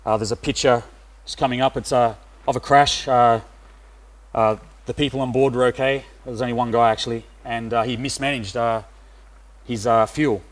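Man, middle-aged, from Australia, preaching a sermon, hesitant, many fillers, mid pitch. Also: steady tone, normal speed.

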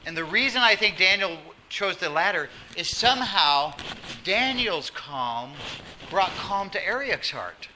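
A man preaching a sermon as pastor, animated, acting out quotes and dropping to a soft voice for emphasis. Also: high voice, a little slow. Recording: noisy sermon recording.

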